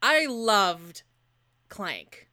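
A young woman co-hosting a podcast in animated, jokey casual chat, laughing often. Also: medium pitch, extremely slow. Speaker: podcast co-host.

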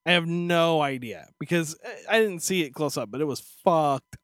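A man telling stories on a podcast, his pitch swooping up and down as he gets into it. He swears freely and keeps dropping into little voiced asides, and the recording is dry and close. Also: moderate pace, dry recording. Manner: profane, animated storytelling with voiced asides. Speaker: podcast co-host. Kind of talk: casual chat.

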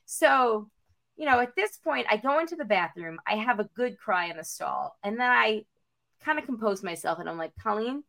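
A woman co-hosting a podcast, telling a story in a lively, casual way, acting out other people's voices and swearing freely. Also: medium pitch, moderate pace, gravelly. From North Carolina. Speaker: podcast co-host.

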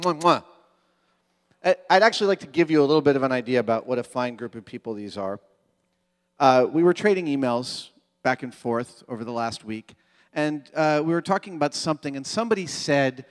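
A man's voice: mid-range voice, animated. Joking man on a reverberant stage. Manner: playful, joking, quick bursts. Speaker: stage guest speaking at a fan convention. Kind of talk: live stage storytelling to an audience. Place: large stage hall, live audience. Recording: reverberant live hall.

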